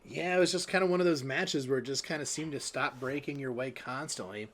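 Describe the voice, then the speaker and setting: A man's voice: medium pitch, brisk, fairly bright tone. A man hosting an online darts league broadcast, interviewing players after their matches in a loose, casual way. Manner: casual, rambling questions with fillers. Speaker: host and commentator.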